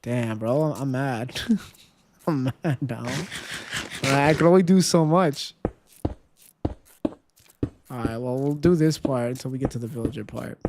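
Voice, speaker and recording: While playing, a live streamer chats casually with viewers in a mid-range voice, counting steps aloud and erupting into loud, dismayed outbursts when things go wrong. He is unhurried, with long pauses, over a noisy background.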